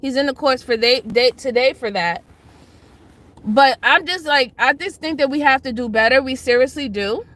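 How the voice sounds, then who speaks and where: Hosting a relaxed livestream, this bright, high-voiced woman gives shout-outs to chatters by name and then lectures and implores viewers, emphatically circling back to the same points repeatedly. She speaks at a moderate pace.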